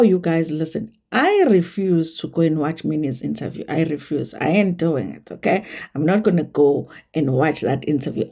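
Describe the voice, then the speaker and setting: A woman's voice: low voice, warm tone. A woman with a South African accent hosting a gossip vlog, emphatic and playful, repeating herself for effect. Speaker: entertainment vlogger. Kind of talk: casual gossip commentary.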